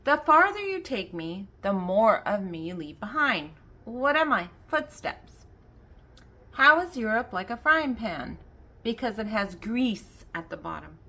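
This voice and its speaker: Older woman, children's joke reader, slow, animated pitch, amused. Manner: reads riddles then answers, laughing at her own jokes. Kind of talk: reading a joke book aloud.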